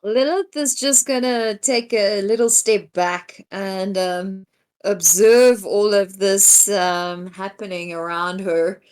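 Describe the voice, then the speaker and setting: A woman describing her character's actions in a tabletop game, unhurried and dotted with fillers. She speaks very slowly in a smooth, clean voice at a middling pitch. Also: steady tone, a little mellow. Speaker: player. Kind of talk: casual tabletop play.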